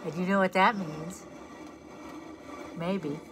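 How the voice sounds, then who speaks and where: A woman's voice: lowish voice, fairly even intonation, slow. A woman co-hosting a casual museum video, chatting playfully and teasing her partner, and at times reading a poem aloud. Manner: playful, teasing, jumps in to finish points.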